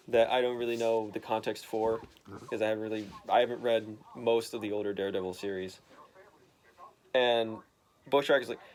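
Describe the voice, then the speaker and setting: A man in a loose, rambling recap of a comic book. He talks in a mid-pitched voice, full of fillers and the occasional curse. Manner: rambling, filler-heavy, swearing.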